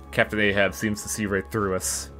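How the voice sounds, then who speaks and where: A man's voice: fairly low pitch, little pitch movement, normal speed, loud music behind the voice. A man streaming a game, chatting casually and reading the game text aloud. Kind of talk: casual let's-play commentary.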